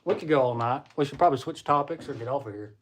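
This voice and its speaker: A man's voice: medium pitch, expressive, fast, fairly bright tone, a little hiss or hum. Guy rambling on his livestream, chatting w viewers and laughing a lot. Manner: talks to viewers while reading comments. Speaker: livestream host. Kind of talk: casual live-stream chat.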